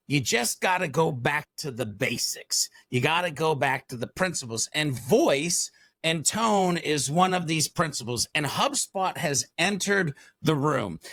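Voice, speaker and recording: Energetic rambling man, rather high voice. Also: no room sound, studio quality. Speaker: podcast co-host. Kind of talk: enthusiastic podcast talk.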